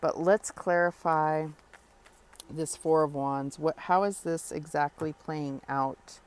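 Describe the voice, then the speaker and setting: A woman giving a spoken tarot reading, talking earnestly and reassuringly straight to the listener, with pauses and fillers as she thinks. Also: deep voice, steady tone, smooth. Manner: thoughtful with frequent pauses and fillers. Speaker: tarot reader.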